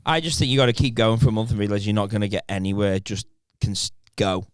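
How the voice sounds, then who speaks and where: A man's voice: fairly low pitch, steady tone, quick pace, smooth, no room sound. A man co-hosting a podcast, talking in casual, laughing, crude banter. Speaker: podcast co-host. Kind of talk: casual chat.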